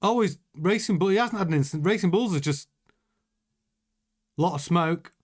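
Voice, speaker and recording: This livestream host has a high-pitched voice with lively intonation and talks at a moderate pace. Reading out chat during a watchalong, he chats casually and rambles, frequently cutting himself off and restarting his sentences.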